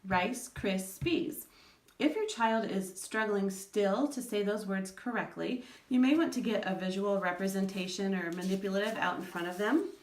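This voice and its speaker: A woman's voice: mid-range voice, recorded from a distance. Patient woman teaching parents in an echoey room. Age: adult parent of school-age children. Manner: patient, explains step by step, sounds words out slowly. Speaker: educator giving parenting advice. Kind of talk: instructional talk to parents.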